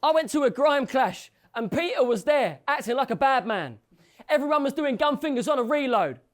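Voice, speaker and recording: A man's voice: extremely high pitch, expressive, normal speed. A man delivering joking, mocking rap battle verses at a live event, laughing at his own lines. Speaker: battle rapper.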